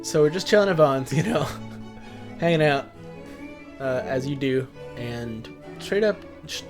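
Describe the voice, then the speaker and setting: A man's voice: medium pitch, expressive, a little slow, over music. A young man co-hosting a podcast, joking around and slipping into goofy bits. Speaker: podcast co-host. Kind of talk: casual chat.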